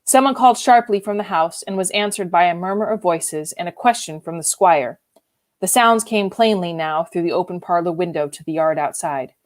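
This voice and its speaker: A woman reading a novel aloud in an expressive, emotionally involved way. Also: fairly low pitch, normal speed. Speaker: reader. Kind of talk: audiobook reading.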